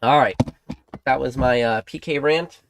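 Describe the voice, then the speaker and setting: A man's voice: mid-range voice, unhurried, vocal fry, background noise. A man hosting a livestream, rambling in a casual rant, repeating rhetorical questions, swearing now and then, and reading out and greeting chat viewers. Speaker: livestream host.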